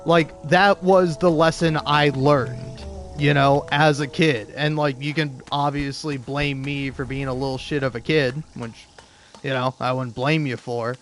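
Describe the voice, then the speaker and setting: A man's voice: mid-range voice, steady tone, measured pace, fairly bright tone, faint music behind. A young man telling a casual, rambling anecdote full of restarts, fillers and swearing. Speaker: podcast host.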